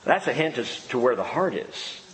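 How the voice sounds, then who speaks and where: A middle-aged man preaching a sermon as a pastor, animated, with playful asides and stories. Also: mid-range voice, moderate pace, big-room sound, a little hiss or hum, low-quality recording.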